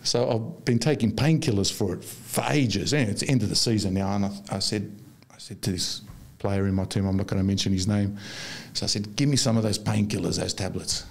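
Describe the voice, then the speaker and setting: A man's voice: fairly low pitch, fairly quick, vocal fry, darkish tone. A man in his fifties telling rambling football anecdotes in casual chat, often restarting his sentences. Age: 50s.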